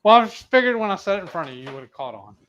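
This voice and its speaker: A man's voice: sits high, big pitch swings, racing, a bit bright, slight background noise. A man hosting a live cooking stream, chatting casually while he cooks. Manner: laid-back, talks while cooking.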